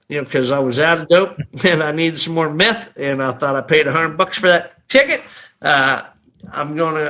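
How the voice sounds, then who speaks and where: A middle-aged man speaks in a slightly raised, bright voice as he shares a personal testimony. His delivery is raw and emotional yet conversational, full of casual asides. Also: fairly high pitch. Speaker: guest sharing a testimony.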